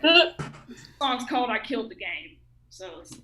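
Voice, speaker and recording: A woman's voice: on the high side, very animated, moderate pace, roomy sound, very noisy. A woman in her thirties from Ohio doing a rambling, self-mocking open mic stand-up set, laughing at her own jokes. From Ohio, USA. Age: 30s. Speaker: stand-up comic.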